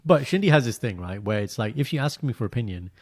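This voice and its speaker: Animated man telling a story. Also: fast talker. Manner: animated storyteller, often quiet and low-key between bursts. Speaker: podcast co-host. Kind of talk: casual chat.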